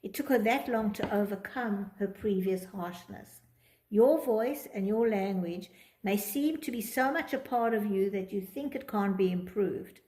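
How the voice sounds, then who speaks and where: A woman teaching a class in a room with a lot of echo, her voice pitched in the middle range. She talks quickly and lively, and she acts out the thoughts she quotes in different tones. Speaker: teacher of Torah psychology. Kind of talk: class talk reading and explaining a text. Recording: echoey room.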